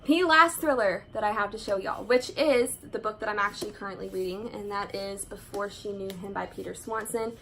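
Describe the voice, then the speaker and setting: A woman's voice: medium pitch, brisk, few pauses, fairly bright tone, a little hiss or hum, rough recording. A woman chatting eagerly as a book vlogger, full of "like" fillers. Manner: chatty and enthusiastic, many "like" fillers. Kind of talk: casual book haul chat.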